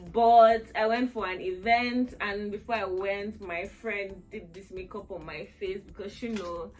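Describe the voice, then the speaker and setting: A young woman from Nigeria with a Nigerian accent, chatting casually on her vlog as a content creator and rambling with lots of "like". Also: medium pitch.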